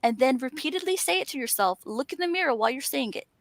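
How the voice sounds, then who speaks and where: An author and panel host chats in a motivational, casual way, earnest and encouraging as she piles up emphatic lists. Her voice is high, animated, and fast, and the recording is dry.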